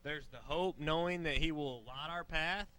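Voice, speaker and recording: A man voicing a level-headed puppet crewman in a children's church puppet show, calm and measured with dry teasing. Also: on the high side. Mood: explaining.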